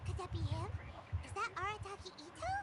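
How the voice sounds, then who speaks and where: A woman voicing a tiny, chirpy, bossy fairy guide in a video game, with a squeaky childlike voice. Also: fairly quick, heavy background noise. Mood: curious.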